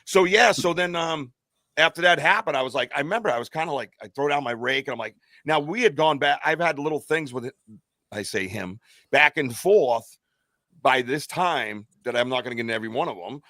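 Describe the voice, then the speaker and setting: A man's voice: mid-range voice, expressive, brisk, bright, forceful tone, no room sound, studio quality. A man co-hosting a podcast, telling a long personal story in a rambling way, full of fillers and restarts. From United States. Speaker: podcast co-host. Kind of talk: casual storytelling.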